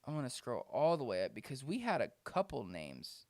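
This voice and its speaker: A man co-hosting a casual fantasy football podcast, reading out names with animated delivery and frequent laughs. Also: mid-range voice, brisk, dry recording. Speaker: podcast co-host. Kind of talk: casual chat.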